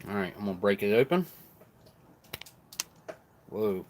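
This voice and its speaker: Male streamer, low voice, relaxed chatty food review, mouth full at times, light background noise. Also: unhurried. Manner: relaxed, chatty, talks while chewing. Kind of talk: live stream food tasting.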